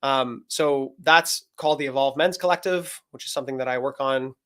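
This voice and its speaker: A men's coach appears as a guest in a live video-call interview, explaining things earnestly and acting out bits of dialogue. His voice is mid-range and fairly bright, at a normal speed.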